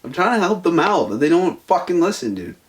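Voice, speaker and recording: A man's voice: a little high, big pitch swings, a little fast, slight background noise. A young man co-hosting a casual chat show, lecturing bluntly and swearing. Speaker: podcast co-host.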